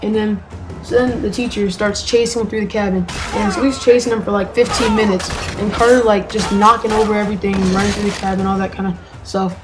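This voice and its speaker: A woman tells a story in a chatty, rambling way, with lots of "um" and "like" fillers. Her voice sits at a middle pitch, with faint music underneath. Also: steady tone, fast, rough recording. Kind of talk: casual storytelling vlog.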